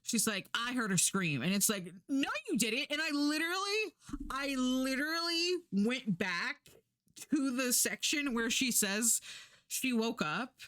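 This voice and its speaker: A woman's voice: a little high, expressive, measured pace, fairly bright tone, clean tone, no echo, studio quality. A woman streamer chatting casually, rambling and swearing, acting out the lines she quotes. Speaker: Twitch streamer.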